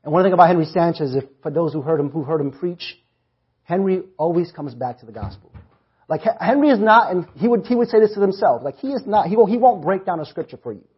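A man delivers a sermon in a husky, fairly high voice. He works through scripture and keeps pulling the congregation in with questions they answer back. The sound is muffled and lo-fi. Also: lively intonation, quick pace. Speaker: preacher.

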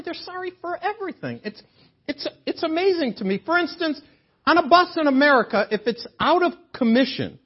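A man's voice: very high voice, big pitch swings, a little fast, muffled recording. An older man preaching a sermon in a chapel, joking with the congregation. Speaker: guest preacher. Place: chapel sanctuary.

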